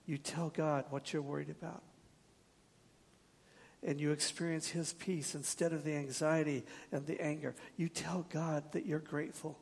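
A man's voice: on the high side, little pitch movement, moderate pace, vocal fry, husky, big-room sound. A man preaching a sermon in an earnest, direct way, asking his congregation questions and slipping in wry jokes. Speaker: pastor.

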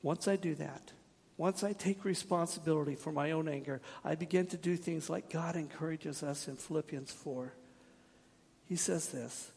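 A man's voice: on the high side, steady tone, moderate pace, gravelly, darkish tone, breathy edge, in a large hall. A man preaching a sermon in an earnest, direct way, asking his congregation questions and slipping in wry jokes. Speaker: pastor.

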